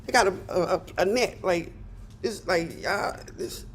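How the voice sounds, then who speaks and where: A man's voice: high-pitched, a little slow, fairly bright tone, a little hiss or hum. Earnest middle-aged man at public comment. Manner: earnest, rambling, frustrated. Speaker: community member giving public comment. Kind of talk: public hearing testimony.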